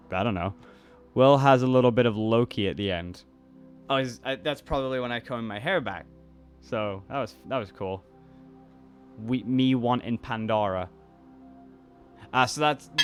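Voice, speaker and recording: Speaking in a mid-range voice at a measured pace with long pauses, a YouTuber and voice actor in his twenties chats over soft background music. His accent blends British and American, and he rambles through viewer comments, reading them out and often restarting his sentences in a casual reaction chat.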